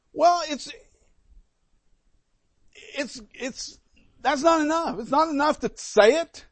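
A man's voice: extremely high pitch, unhurried, long pauses, dry recording. A middle-aged man preaching a sermon as a pastor, emphatic and repeating key points. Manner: emphatic, repetitive, animated.

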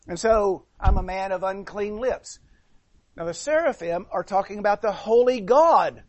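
A man's voice: high voice, a little slow, no echo. A male preacher delivering a sermon in an earnest way, often repeating words as he restarts.

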